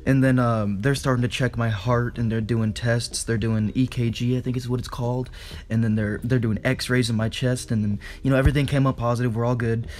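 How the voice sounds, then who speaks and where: Young guy on a podcast telling a story, lively and laughing, swears a bunch, mid-pitched voice. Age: young adult. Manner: animated, laughing, swearing, quick asides. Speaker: podcast co-host. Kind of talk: casual storytelling chat.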